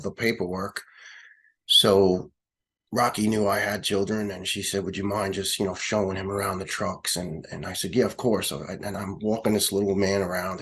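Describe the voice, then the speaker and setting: A middle-aged man with a New York accent, a retired fire lieutenant telling a personal story in an interview, halting and emotional with many restarts. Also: sits low, fairly bright tone. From United States.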